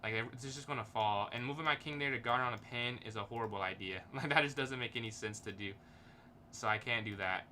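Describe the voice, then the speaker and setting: A man's voice: mid-range voice, brisk, pushed and bright, a little hiss or hum. A man streaming a chess game, thinking aloud in casual, hesitant commentary and chuckling often.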